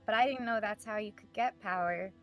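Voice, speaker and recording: A woman player speaks in character during a tabletop game, hesitant and thinking aloud. Her voice is mid-pitched. Soft music plays behind her. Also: a little fast, lo-fi sound.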